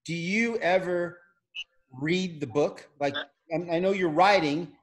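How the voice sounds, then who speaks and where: A man's voice: high voice, takes it slowly. A man hosting a casual group video call, asking easygoing questions and laughing along. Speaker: podcast host.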